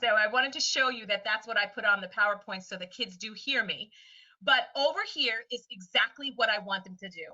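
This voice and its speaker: Woman teacher, webinar lesson, animated, very bright tone, heard from a distance, muffled lo-fi sound. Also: medium pitch, fairly quick. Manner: animated, acts out voices of students and friends.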